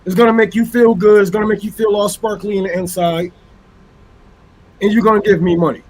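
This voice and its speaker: Casting: high-voiced man, fiery activist, profane, hammering repetition. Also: steady tone, a little fast, low-quality recording. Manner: fiery, profane, repeats phrases for emphasis. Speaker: activist panelist. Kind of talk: impassioned political rant.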